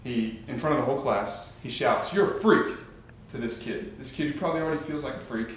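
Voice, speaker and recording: A man at a medium pitch and a quick pace gives a motivational talk to a live audience, weaving stories into rousing exhortation. The large room echoes, the camcorder sits far away, and there's slight background noise.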